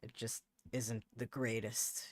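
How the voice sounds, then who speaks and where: A man livestreams from his home setup, chatting casually as he works, often muttering to himself and restarting sentences in exasperation. His voice is medium-pitched, level in tone and slow, on a dry recording.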